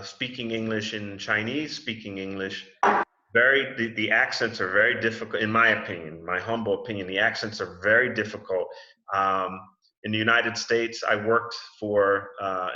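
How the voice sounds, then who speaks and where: A man's voice: fairly low pitch, sharp tone. Friendly man teaching a class over a video call. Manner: friendly, repeats and restarts words. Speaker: English teacher leading a class. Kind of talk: casual class discussion. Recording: muffled video call in an echoey room.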